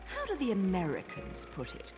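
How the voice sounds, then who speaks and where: A woman's voice: mid-range voice, wildly swooping pitch, normal speed. An actress playing a confident, teasing witch heroine in a video game, with a mocking, playful manner. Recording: long hall reverb. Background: game music.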